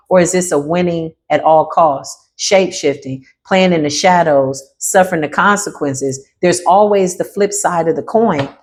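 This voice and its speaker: Woman, tarot reading, sassy, emphatic, repeats herself, high exclamations, lowish voice. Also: a little mellow. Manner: swings into high exclamations and asides. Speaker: tarot reader.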